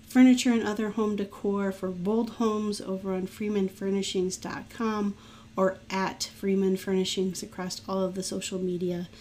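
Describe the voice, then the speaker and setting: A woman's voice: medium pitch, level tone, a little mellow, a little hiss or hum. A woman hosting a maker podcast, chatting casually and laughing easily, then reading out her sign-off plugs. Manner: upbeat, laughs often, brisk sign-off plugs. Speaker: podcast host. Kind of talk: casual podcast chat and outro.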